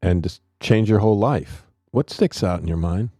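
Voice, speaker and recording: A man's voice: on the low side, normal speed, dark tone, slightly rough, dry recording, studio quality. A man interviewing a guest, asking questions in a playful, teasing way.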